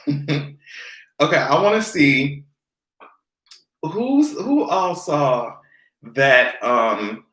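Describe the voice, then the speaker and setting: A vlogger ranting in casual commentary, profane and sarcastic, now and then slipping into high mocking voices. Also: fairly bright tone, echoey room, low-quality recording.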